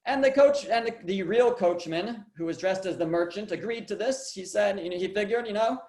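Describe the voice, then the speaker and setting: A man's voice: sits high, darkish tone. Male rabbi lecturing through a story, stop-start, with a reverberant room around him. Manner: halting, many restarts and repeated words. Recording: echoey room.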